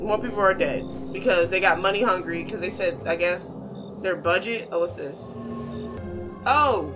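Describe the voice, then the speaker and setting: A woman's voice: on the low side, normal speed, over music, rough recording. A woman hosting a horror game let's-play, talking casually with viewers and repeating panicked phrases over and over. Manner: casual slangy chatter with viewers. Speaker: gaming channel host.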